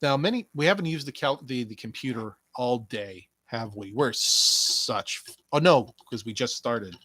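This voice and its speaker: Young guy rambling on his wrestling podcast, sarcastic and sweary, slow, dry close sound. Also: mid-range voice, animated, sharp tone, dry recording. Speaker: podcast host. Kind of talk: casual wrestling commentary podcast.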